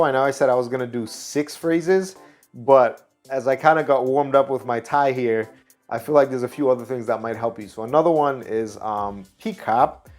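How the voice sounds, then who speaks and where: A man hosting a casual language lesson, relaxed and chatty, explaining things slowly. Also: mid-range voice. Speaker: travel video host.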